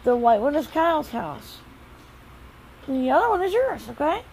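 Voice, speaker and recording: A woman's voice: sits high, big pitch swings, moderate pace, pauses often, darkish tone, slight background noise, poor audio. A woman vlogging outdoors as a mother, chatty and soothingly reassuring. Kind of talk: casual vlog. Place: outdoors on a path.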